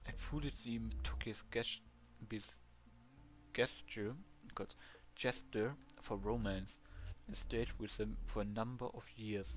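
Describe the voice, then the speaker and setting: German guy reading as a gloomy vampire ghost woman, formal and quiet. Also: on the low side, close to an everyday voice, low-quality recording. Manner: slow, formal, subdued reading. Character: melancholy female vampire ghost, formal and wistful.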